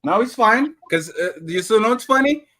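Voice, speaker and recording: Young male podcast host, bright and brash, casual debate style. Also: high-pitched, expressive, moderate pace. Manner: blunt, crude, swings from loud to muttered.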